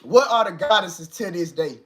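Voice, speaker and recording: A young man hosting his own channel, talking straight to viewers in an animated, slangy monologue and leaning on "bro" and "man". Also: high-pitched, moderate pace, background noise. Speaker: video host.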